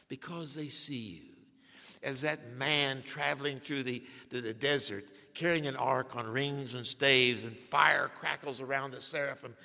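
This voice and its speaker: An older man delivers a sermon with a bright, slightly high voice. He tells humorous stories and swings between hushed asides and loud declarations. The sound carries a long reverb, like a big hall. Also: vocal fry. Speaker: pastor.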